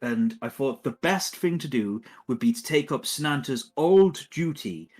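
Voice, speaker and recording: A man's voice: medium pitch, expressive, darkish tone, voice pushed up. A man putting on a towering, harried Christmas boss. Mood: bossy. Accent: attempted Irish slipping into West Country. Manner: hurried, bossy, exasperated.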